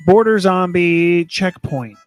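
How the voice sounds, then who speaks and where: Podcast co-host, male, high voice, reads lists and cracks jokes, trips over names. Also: slow, smooth, soft background music. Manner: joking, stumbles over game titles. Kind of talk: casual podcast chat.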